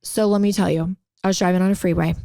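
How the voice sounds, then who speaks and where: A woman's voice: fairly low pitch, fast talker, vocal fry, dry recording. A young woman cohosting a casual podcast, telling a story and acting out the quotes. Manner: animated storyteller who acts out quotes. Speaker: podcast co-host.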